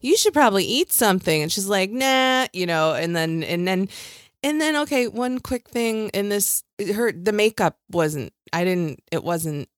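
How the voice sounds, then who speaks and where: A woman's voice: mid-range voice, moderate pace, dry recording, clean studio sound. A woman co-hosting a podcast, rambling through a reality show recap and acting out quotes. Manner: rambling, restarts, animated quoting. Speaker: podcast co-host.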